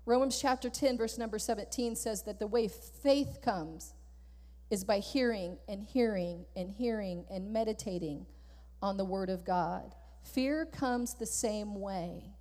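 A woman pastor preaching a sermon with animated, emphatic delivery and lots of repetition. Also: mid-range voice. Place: church sanctuary. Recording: church hall reverb.

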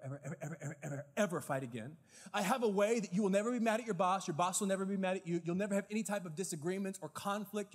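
A man preaching a sermon as pastor, with animated, lively storytelling in quick bursts. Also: sits high, in a large hall. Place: church hall.

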